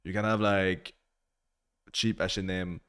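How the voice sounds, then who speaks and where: A man's voice: low voice, flat delivery, unhurried, fairly bright tone, smooth. A man giving blunt, critical reaction commentary in a casual way, swearing freely. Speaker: video reviewer.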